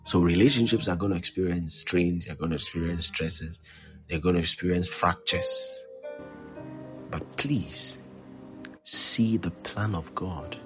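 A man preaching a sermon as pastor, repeating his phrases with force, then dropping to a hush. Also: low-pitched, measured pace, dull audio, faint music behind. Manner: emphatic preaching, repeats phrases, swings loud to hushed.

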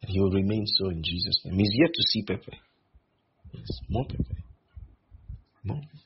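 A male preacher, repeating phrases for emphasis and slowing on key lines. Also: low voice, animated, a little hiss or hum. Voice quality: gravelly and very husky. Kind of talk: sermon. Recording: dull lo-fi recording.

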